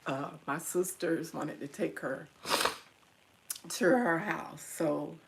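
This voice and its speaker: A woman's voice: low voice, slow, creaky, rough recording. A middle-aged woman tenderly reminiscing about her mother to her viewers, at times teary-eyed. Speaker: vlogger. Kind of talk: personal storytelling to viewers.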